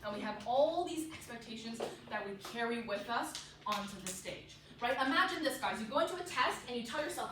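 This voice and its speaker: Woman teacher, high voice, lively classroom delivery, recorded far off in a boomy room with noise. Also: fairly quick, hardly any pauses, heavy reverb. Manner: lively, tags lines with "right?", acts out quoted inner voices. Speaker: public speaking teacher. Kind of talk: classroom lecture.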